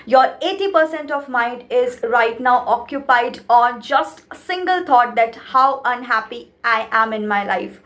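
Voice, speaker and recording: A woman's voice: fairly high pitch, expressive, measured pace, few pauses, fairly bright tone. A woman mentor giving an earnest motivational talk, counting through her points. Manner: earnest, repeats "trust me", lists points.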